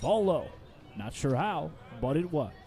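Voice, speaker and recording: A man from Arkansas with an Arkansas accent, calling live baseball play-by-play and bantering between pitches. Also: big pitch swings, unhurried, dark tone. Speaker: play-by-play announcer.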